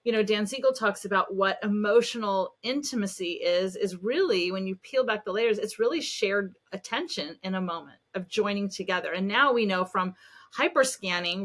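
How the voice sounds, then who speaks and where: A middle-aged woman, a parenting expert guest on a podcast, telling stories in an animated, self-deprecating way. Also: mid-range voice. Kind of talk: casual podcast conversation.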